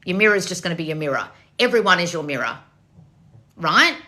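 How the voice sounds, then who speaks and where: A woman's voice: lowish voice, sing-song, brisk, sharp tone. A woman, a manifestation coach, giving blunt, swearing advice in a lecturing monologue.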